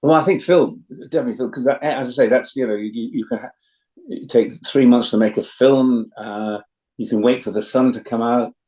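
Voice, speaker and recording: An older actor as a guest, chatting casually and telling anecdotes with lots of fillers and restarts. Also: male voice, mid-range voice, fairly even intonation, fairly quick, warm tone, poor audio. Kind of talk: casual interview chat.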